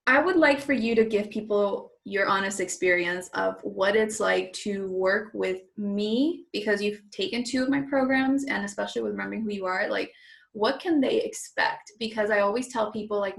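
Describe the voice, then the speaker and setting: A woman's voice: mid-range voice, normal speed, creaky. A woman hosting a casual interview as a coach, who talks in an encouraging way and says "like" often. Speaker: host and coach.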